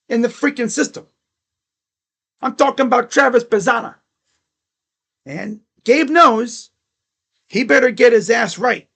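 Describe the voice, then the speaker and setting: High-voiced man ranting about his team. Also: a bit bright. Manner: exasperated, mocking, swears. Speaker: sports fan vlogger. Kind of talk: casual sports rant.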